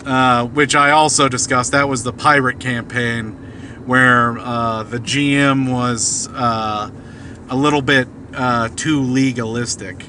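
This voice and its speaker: A man's voice: medium pitch, steady tone, takes it slowly, pushed and bright, slight background noise. A man casually telling a long, rambling story full of fillers and restarts, recorded in a car. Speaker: podcast host. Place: car at night.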